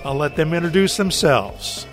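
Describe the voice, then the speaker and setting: A man hosting a local podcast, speaking in a measured, scripted way over a video call. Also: on the high side, expressive, soft background music. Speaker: podcast host.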